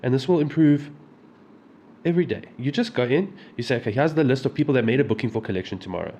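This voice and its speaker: Fast-talking South African man. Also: mid-range voice, lively intonation, dark tone, a little hiss or hum. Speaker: podcast co-host. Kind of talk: casual chat.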